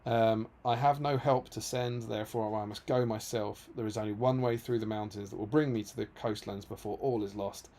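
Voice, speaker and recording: A grave, weary king speaks in slow, solemn tones, voiced by a man reading from the book. His delivery is measured and heavy, the voice of a leader resigned to a hard choice. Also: on the low side, steady tone, warm tone, close to an everyday voice. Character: grave weary human king, male, adult.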